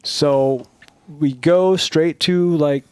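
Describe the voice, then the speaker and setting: A man from Northern California, a podcast guest telling a story in a casual, profane, animated way. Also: on the high side, extremely slow, clean tone, dry recording. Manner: profane, animated, acts out dialogue.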